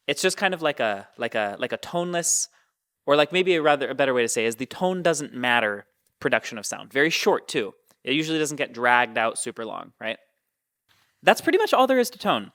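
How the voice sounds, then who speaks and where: A man's voice: fairly high pitch, big pitch swings, normal speed, fairly bright tone, smooth. A man teaching Mandarin tones, explaining patiently and demonstrating each sound. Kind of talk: explaining with spoken examples.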